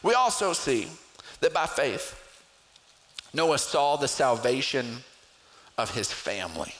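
A middle-aged man preaching a sermon, telling a personal story with lively swings in pitch. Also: slow pace, rough recording. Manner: storytelling with animated pitch jumps in acted prayers. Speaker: pastor.

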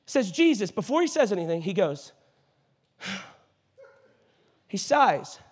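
A male pastor preaching in a church with a bright, high-pitched voice. He is animated and funny, dropping into playful voices for scripture characters before driving his points home with rising intensity. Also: a little fast. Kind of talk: sermon. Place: church auditorium.

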